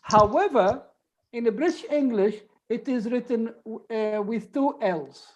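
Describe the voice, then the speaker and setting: A woman's voice: on the high side, lively intonation, measured pace, muffled recording, a little hiss or hum. A woman teaching an online group English lesson, patiently repeating examples and explaining rules step by step.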